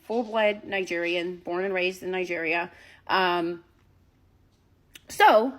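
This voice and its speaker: A woman telling a story in a casual, animated way, talking straight to her listeners and swearing freely. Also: a little high. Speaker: storyteller recounting a date.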